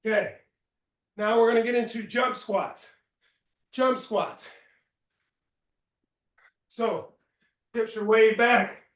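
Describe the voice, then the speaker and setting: A man with a high voice leads a workout class, calling out short cues and counting reps at an unhurried pace. He is out of breath at times. The room around him rings with echo. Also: steady tone, recorded from a distance. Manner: instructive, counts reps aloud, brief cues. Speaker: fitness instructor. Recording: roomy echo.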